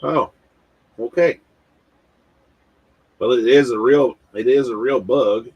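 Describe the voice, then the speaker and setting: A man's voice: mid-range voice, slow, darkish tone, husky, muffled recording. A man hosting a casual livestream, rambling and talking straight to his viewers, often repeating words. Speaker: livestream host.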